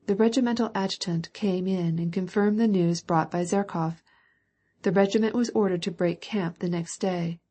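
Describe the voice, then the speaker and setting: A woman reads a classic novel aloud at a measured pace. Her voice is dark, mellow and a little husky. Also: fairly low pitch, fairly even intonation. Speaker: narrator. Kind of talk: audiobook narration.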